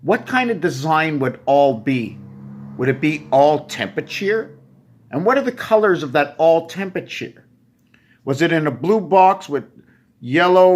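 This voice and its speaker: A man talking alone in a rambling monologue, jumping between puns and asking himself questions as he goes. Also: a little high. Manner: free-associating wordplay, questions to himself. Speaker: vlogger.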